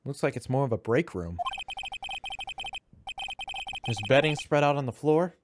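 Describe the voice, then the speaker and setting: A man's voice: mid-range voice, animated, a little slow, noisy background, close to an everyday voice. Phoenix Wright, a man reading a wry young lawyer. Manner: dry, wry narration of game text. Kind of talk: game dialogue read-along.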